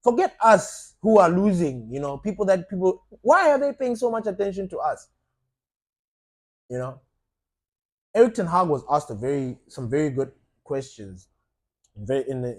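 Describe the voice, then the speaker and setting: A man's voice: mid-range voice, normal speed. A man hosting a football fan channel, giving opinionated commentary full of rhetorical questions. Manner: animated, rhetorical questions, ranting.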